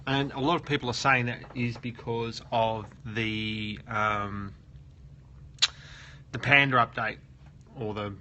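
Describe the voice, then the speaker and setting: Bright-voiced Australian man chatting live. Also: mid-range voice, a little hiss or hum. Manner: chatty and joking, reads viewer comments aloud. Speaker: host of a live SEO question stream. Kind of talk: casual live-stream chat. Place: office at work.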